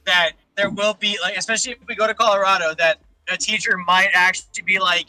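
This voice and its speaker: Tipsy male streamer, loose banter, bright tone. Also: sits high, steady tone, quick pace, no room sound, low-quality recording. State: drunk. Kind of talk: casual chat.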